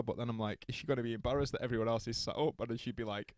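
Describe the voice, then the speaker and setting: A man hosting a podcast, telling stories in a rambling, animated way with many restarts. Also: medium pitch, rapid-fire. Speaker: podcast host. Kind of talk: casual interview chat.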